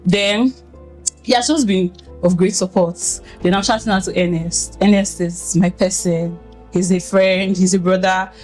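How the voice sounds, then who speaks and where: A woman co-hosting a podcast in casual chat, expressive and sentimental, talking a lot and animatedly acting out the people she quotes. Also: mid-range voice, moderate pace, faint music behind. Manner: animated, acts out others' voices in quotes. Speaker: podcast co-host.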